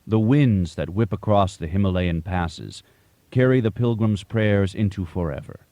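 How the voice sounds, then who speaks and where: A gentle, cryptic Buddhist master, sure of himself and fond of leading questions, as a man reads him in a storybook. The voice sits very low. It sounds close and dry. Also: animated, normal speed, no echo. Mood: calm. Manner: gentle, certain, teasing questions.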